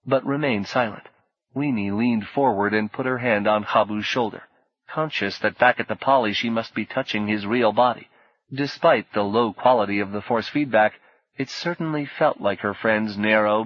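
A male audiobook narrator reads scripted material in a measured, even storytelling voice that sits on the low side. The recording is dull, dry and lo-fi, with no echo.

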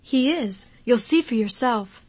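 For an audiobook, a woman voices a happy young daughter who has just gotten engaged, talking eagerly and chatting on the phone. Her voice is on the high side, animated, and darkish, pushed up in pitch, at a measured pace with no room sound.

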